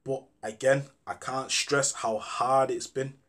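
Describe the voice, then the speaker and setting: A young man recounts a story from his past in casual street slang. He jumps into lively, loud re-enactments of the voices in his quotes, then eases back to a low, thoughtful tone. His pitch sits in an ordinary middle range. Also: slow pace.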